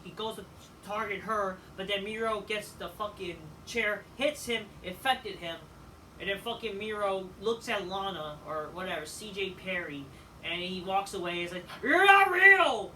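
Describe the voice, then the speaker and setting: A man giving a casual, rambling review of a wrestling show, swearing often and filling pauses with "like" and "you know.". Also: high-pitched, steady tone, sharp tone. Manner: profane, rambling, with frequent fillers. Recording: distant mic with faint background noise.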